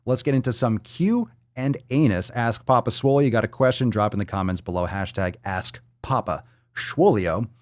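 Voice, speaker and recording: A man's voice: mid-range voice, expressive, brisk, hardly any pauses, darkish tone, no echo, clean studio sound. A man hosting a live fitness show, reading out viewer comments and answering questions in a brash, profane, hype-man way. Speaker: fitness podcast host.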